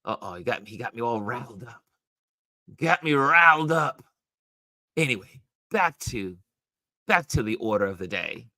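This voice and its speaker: A man hosts a relaxed livestream chat, his voice swinging widely in pitch as he reacts with emphasis to what viewers post. His tone is bright and forceful, and the sound is close and dry, with little room around it. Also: normal speed, pauses often, no room sound. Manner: animated, reacting to viewer comments; laughs often and speaks emphatically. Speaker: livestream host.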